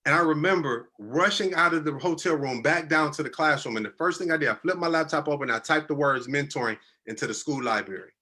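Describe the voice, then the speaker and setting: A man in his thirties recounts a personal turning point in an earnest, conversational way. His voice is bright and forward, and he keeps slipping into the voices of the people in his story. He sounds teary-eyed and moved. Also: a little high, fast talker, hardly any pauses. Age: 30s. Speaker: guest telling his life story.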